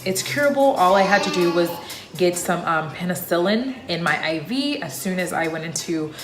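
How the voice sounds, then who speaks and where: A woman's voice: fairly low pitch, lively intonation, moderate pace. A young woman talking casually to camera as a vlogger, telling a personal story in a chatty, loose way with lots of fillers. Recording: echoey room.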